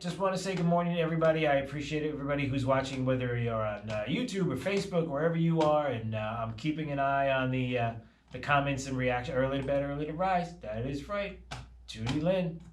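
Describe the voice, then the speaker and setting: A man hosting a morning radio live stream, animated and fast-talking as he greets viewers in a casual chat. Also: medium pitch, echoey room, slight background noise. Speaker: radio show host.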